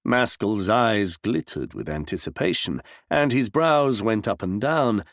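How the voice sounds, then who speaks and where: Male audiobook narrator, gravelly, lively intonation, dry close-mic read. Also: fairly low pitch, measured pace, dry recording. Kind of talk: scripted narration.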